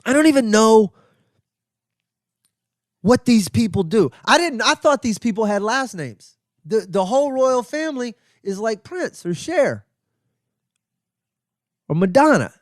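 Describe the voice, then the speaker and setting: A man's voice: very animated, unhurried, pauses often, no room sound, clean studio sound. Sarcastic, rambling man on a comedy podcast. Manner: rambling, profane, sarcastic riffing with restarts; jumps into high exclaims for emphasis. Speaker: podcast host. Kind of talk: comedic monologue.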